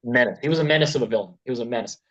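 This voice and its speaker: An Australian man chatting casually as a guest about his fan film, animated and laughing often. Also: medium pitch, very fast, lo-fi sound. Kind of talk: casual chat.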